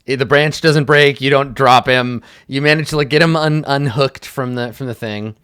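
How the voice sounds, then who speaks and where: A male game master narrates a tabletop game at a middle pitch in a dry, close sound. He describes each scene loosely and leans on fillers as he thinks aloud. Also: fairly even intonation, moderate pace, a bit bright, smooth, dry recording.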